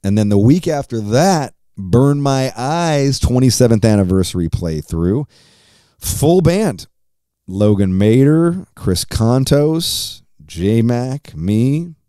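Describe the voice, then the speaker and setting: A man's voice: medium pitch, very animated, takes it slowly, warm tone, smooth, no room sound, clean studio sound. A man in his forties hosting his own podcast, chatting casually in a rambling, profane way and laughing often. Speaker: podcast host. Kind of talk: casual solo podcast chat.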